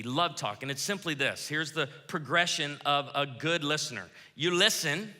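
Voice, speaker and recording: A man preaching a sermon as pastor, lively, acting out quoted lines as he goes. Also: on the high side, normal speed, few pauses. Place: church auditorium. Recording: reverberant church hall.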